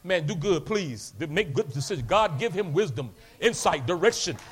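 Man, preacher, sermon, bright ringing voice, animated delivery. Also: fairly high pitch, moderate pace, slightly rough. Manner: animated, acts out quoted voices, bursts into shouts.

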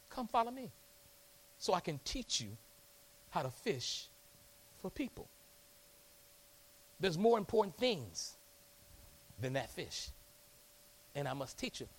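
A preacher voicing a soft, coaxing teacher. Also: male voice, very high-pitched, huge pitch swings, a little slow, long pauses, breathy edge, full character voice, low-quality recording.

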